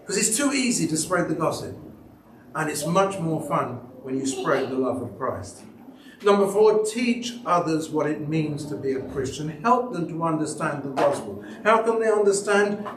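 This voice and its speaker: Animated preacher in an echoey church. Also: male voice, normal speed, background noise. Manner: storytelling, acts out quoted people with big pitch jumps. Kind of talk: sermon. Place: church sanctuary. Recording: echoey church hall, mic at a distance.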